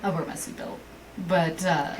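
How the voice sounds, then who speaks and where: A woman's voice: fairly low pitch, normal speed. A woman co-hosting a podcast, telling a story in casual chat and acting out the people in it. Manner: animated storyteller, acts out quotes, swears. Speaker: podcast co-host. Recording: distant mic with faint hiss.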